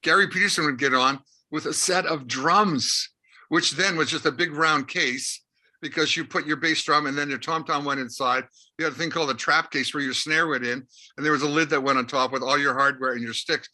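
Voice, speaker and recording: A man, telling anecdotes in a lively way as an interview guest and acting out the dialogue. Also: fairly high pitch, brisk. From Canada, Winnipeg. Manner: lively anecdotal storyteller who acts out dialogue. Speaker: interview guest, rock musician. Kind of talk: casual storytelling interview.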